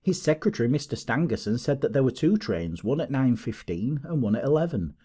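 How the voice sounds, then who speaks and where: A man's voice: medium pitch, very animated, a little fast, dark tone, slightly rough. A man voicing a distressed middle-aged mother who keeps a boarding house, speaking in an agitated, pleading way.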